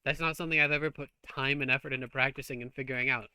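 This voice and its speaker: A man's voice: mid-range voice, fairly even intonation, rapid-fire, sharp tone, clear, resonant tone, dry recording. A man streaming a game, chatting casually while he plays, joking and swearing freely. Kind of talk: casual gameplay chat.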